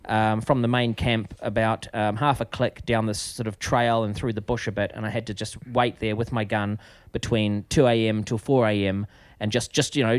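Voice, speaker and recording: A middle-aged man with a New Zealand accent, a podcast guest telling a comic story in an animated, self-mocking way. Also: on the low side, dry recording, clean studio sound. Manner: animated, self-mocking, frequent laughs and restarts.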